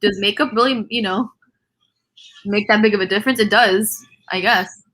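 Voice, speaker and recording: A woman with a bright, forceful voice hosts a relaxed live chat over a video call. She rambles through restarts and breaks into laughs between thoughts. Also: mid-range voice, moderate pace. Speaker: host; teacher.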